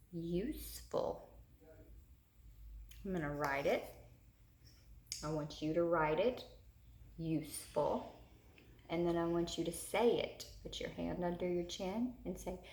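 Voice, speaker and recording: A woman's voice: fairly low pitch, a little mellow. A woman teacher giving a recorded lesson to young children, patient and guiding them step by step. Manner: slow, patient, talks learners through each step. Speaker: third grade teacher. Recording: echoey room.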